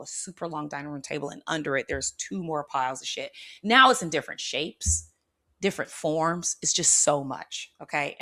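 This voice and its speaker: A woman host telling a personal story with lively expression, often checking in with her listeners. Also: sits low. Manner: expressive, checks in with "okay?" and "right?", acts out her own reactions. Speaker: spiritual channel host.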